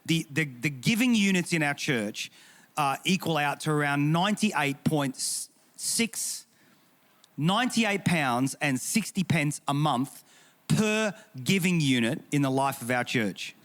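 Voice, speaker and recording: Emphatic English pastor. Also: male voice, on the high side, expressive, a little slow, a bit bright. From England. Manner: humorous, emphatic and indignant, with repeated restarts. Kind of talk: panel discussion talk.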